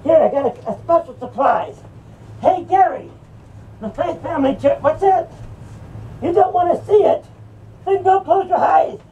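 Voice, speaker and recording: A woman's voice: very high voice, animated, normal speed, pauses often, dark tone, dull audio. A woman voicing a drunk, scornful male hypocrite preacher who taunts and brags in a rowdy comic rant. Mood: mocking. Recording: distant mic with faint music.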